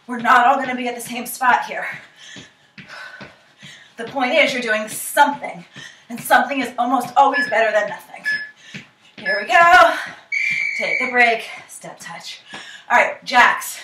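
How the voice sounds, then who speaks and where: Slightly high-voiced fitness lady, out of breath, counting reps, far from the mic in an echoey room. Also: a little slow, long pauses, noisy background. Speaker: fitness instructor. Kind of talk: workout instruction while exercising.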